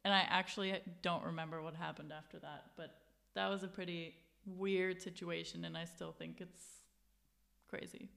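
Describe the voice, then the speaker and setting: Animated young woman telling a story. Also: on the low side, normal speed, gravelly. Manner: animated, acts out quotes, swears, laughs often. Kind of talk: casual chat.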